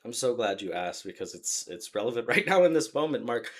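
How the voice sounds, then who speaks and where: A man's voice: mid-range voice, very animated, fairly quick, hardly any pauses. A young man co-hosting a podcast, chatting casually in long run-on sentences and laughing often. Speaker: podcast co-host. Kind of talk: casual chat.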